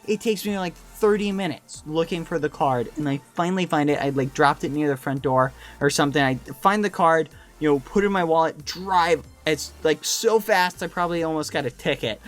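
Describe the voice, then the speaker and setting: Man, casual storyteller, slightly high voice, chatty filler-heavy delivery. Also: fairly quick, few pauses, faint music behind. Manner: animated, lots of "like" and "you know" fillers. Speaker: YouTuber telling a story.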